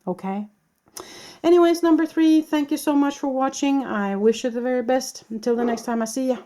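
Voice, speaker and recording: Woman, tarot reader, warm low-key tone, reassuring, rambling, pausing. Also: a little hiss or hum. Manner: reassuring, meandering, with many pauses. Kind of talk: tarot reading to viewers.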